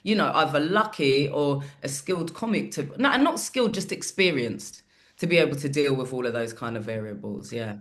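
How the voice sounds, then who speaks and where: Sweary, animated woman. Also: sits low, moderate pace. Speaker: comedian guest. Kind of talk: casual podcast chat.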